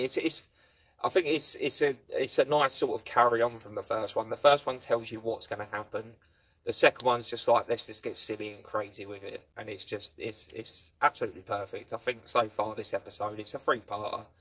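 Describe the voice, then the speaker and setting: A man's voice: fairly low pitch, fairly even intonation, fairly quick, fairly bright tone. Rambling man retelling a show. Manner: rambling retelling, playfully acting out quotes. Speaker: film and TV reviewer. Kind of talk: casual spoken review.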